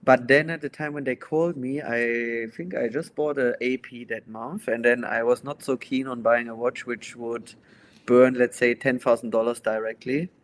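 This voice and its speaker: A man guesting on a casual watch chat, relaxed and easygoing, often breaking into a laugh. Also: medium pitch, normal speed.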